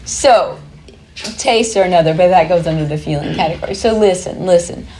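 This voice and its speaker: A woman's voice: fairly low pitch, brisk, noisy background. A woman presenting a workshop to a live group, talking in a chatty, upbeat way and laughing easily.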